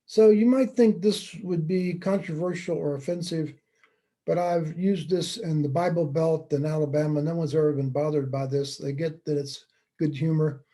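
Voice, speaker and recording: A man delivers a relaxed slide lecture, mixing points with deadpan humor. His voice sits a little high for a man yet sounds deeply mellow and dark in tone. He keeps a chatty, wry manner throughout. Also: normal speed. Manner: conversational, wry, telling jokes with deadpan asides. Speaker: speaker giving a talk. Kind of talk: presentation lecture with slides and jokes.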